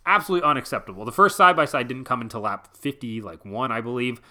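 A man's voice: medium pitch, fast, sharp tone. A man giving casual, blunt racing commentary, exasperated and openly profane. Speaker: motorsport vlogger.

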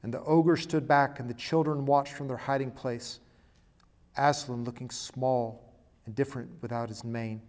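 A man preaching a sermon and reading a storybook passage aloud, swinging from hushed to loud and emphatic. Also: medium pitch, steady tone, moderate pace.

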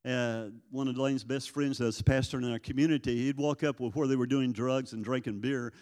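A man's voice: medium pitch, steady tone, a little fast, a little mellow. An older man from Arkansas, giving a folksy church testimony about prison ministry. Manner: folksy storytelling, acts out voices in quotes. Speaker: prison ministry guest speaker. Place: church sanctuary. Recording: long church reverb.

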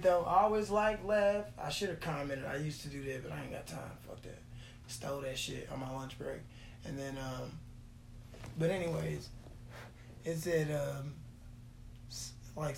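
With a medium, slightly bright voice, a vlogger from Texas tells meandering stories in a relaxed, profane, jokey monologue, laughing often in between. An echoey room and faint hum color the recording.

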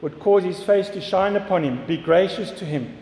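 A man's voice: high-pitched, moderate pace, mellow. A man preaching a sermon in an earnest way, often repeating words and asking questions. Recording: echoey hall with long reverb, faint ambience.

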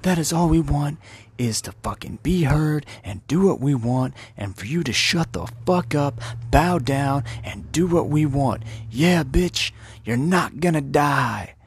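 A man putting on a high, shrill voice for a crowd of royal court women in a crude comic retelling, gloating and swearing. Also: expressive, measured pace, husky, heavily acted.

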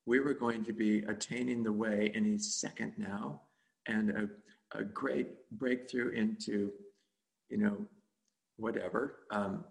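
A man's voice: fairly low pitch, vocal fry. A man teaching meditation in a dharma talk, speaking in a rambling, conversational way with frequent chuckles.

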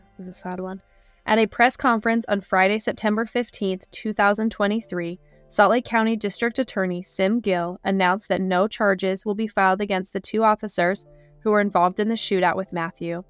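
A woman co-hosting a true crime podcast, reading case details in a sombre, even way. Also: mid-range voice, moderate pace, no echo, soft background music. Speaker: podcast co-host.

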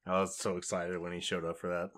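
A man's voice: low voice, completely flat delivery, fast talker, fairly bright tone. A man co-hosting a podcast, reacting to a TV episode in casual chat with dry, sarcastic, blunt remarks. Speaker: podcast co-host.

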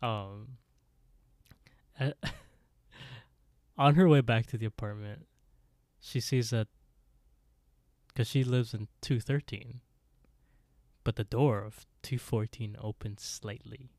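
A man's voice: mid-range voice, takes it slowly, long pauses, darkish tone, dry recording. A man co-hosting a podcast, recapping an episode in a laid-back way with dry asides. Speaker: podcast co-host. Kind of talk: casual recap chat.

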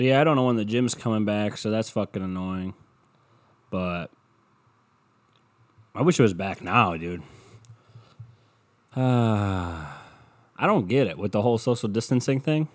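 Young man ranting casually, lowish voice. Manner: loose, profane, rambling talk with mocking asides. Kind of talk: casual vlog rant.

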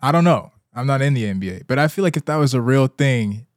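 Lively laid-back young co-host. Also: male voice, mid-range voice, fast, dry recording, studio quality. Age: 20s. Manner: laid-back, chuckling banter. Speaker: podcast co-host. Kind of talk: casual chat.

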